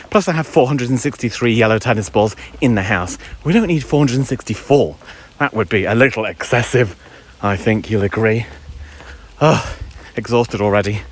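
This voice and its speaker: Walking his dog outdoors, a middle-aged man from England vlogs in casual, chatty live-stream rant mode, storytelling wryly and mimicking voices. He talks a little fast in a mid-range voice.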